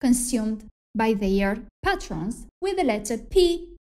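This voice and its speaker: Mellow-voiced woman, chatty English teacher. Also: fairly high pitch, very animated, slow. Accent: Spanish. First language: Spanish. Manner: chatty, laughs often, self-correcting. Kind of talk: casual conversational lesson.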